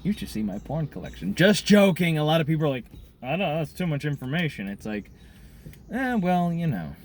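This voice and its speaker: Vlogger, male, profane cigar-smoking rant, voice sits a bit high, alternates loud bursts with low asides. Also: sing-song, fairly quick, a little hiss or hum. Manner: profane, swings between loud outbursts and muttered asides; smoking a cigar while talking. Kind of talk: ranting monologue.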